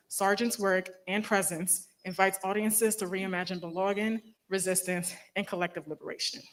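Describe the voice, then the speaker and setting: A woman's voice: mid-range voice, rough recording. Woman reading panelist introductions. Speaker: moderator.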